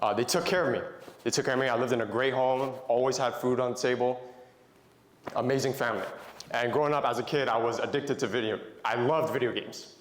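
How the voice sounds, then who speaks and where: A man's voice: medium pitch, brisk, slight background noise. A young adult man giving a Christian talk to young men, telling stories in a conversational way and putting questions to the audience. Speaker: motivational Christian speaker. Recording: echoey room.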